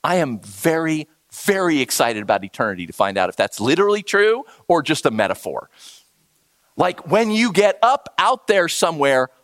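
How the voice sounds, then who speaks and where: A man preaching a sermon as a pastor, telling stories in an animated way and acting out the voices of the people in them. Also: a little high, normal speed, dry recording.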